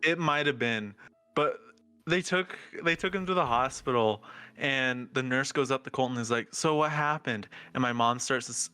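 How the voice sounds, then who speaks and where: Bright-voiced young man in casual chat. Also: medium pitch, moderate pace, smooth, dry recording, soft background music. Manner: easygoing, laughs along while telling a story.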